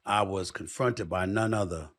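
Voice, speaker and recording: A man hosting a sports talk show, speaking emphatically with dramatic pauses. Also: deep voice, fairly bright tone. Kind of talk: broadcast commentary.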